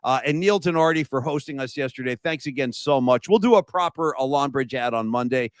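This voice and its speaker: A man hosting a podcast, telling stories in a casual, animated way and saying "dude" often. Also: mid-range voice, brisk, dry recording. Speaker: podcast host.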